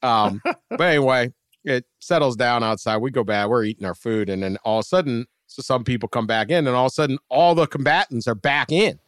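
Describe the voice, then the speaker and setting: A man telling a personal story in casual podcast chat, laid-back and rambling, and louder when he reaches the punchlines. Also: medium pitch, fairly quick, no echo, clean studio sound.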